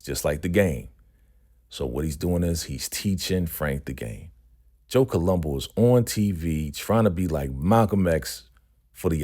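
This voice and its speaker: A man's voice: a bass voice, darkish tone. A man casually recapping a TV episode in loose, slangy talk, tagging lines with "right?" and "you know".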